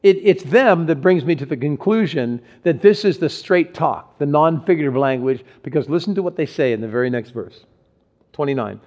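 A man's voice: on the high side, lively intonation, a little fast, darkish tone. A man preaching a sermon as pastor. His delivery is earnest and conversational, with frequent restarts. The recording is dull and lo-fi. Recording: dull lo-fi sound.

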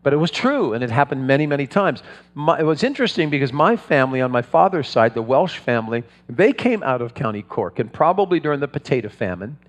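A man preaching in a big hall, with a long tail of reverb behind him. He tells stories loosely and conversationally, often restarting his phrases. His pitch sits in an ordinary middle range. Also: very animated, quick pace. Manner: storytelling, conversational with frequent restarts. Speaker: pastor. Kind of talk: sermon.

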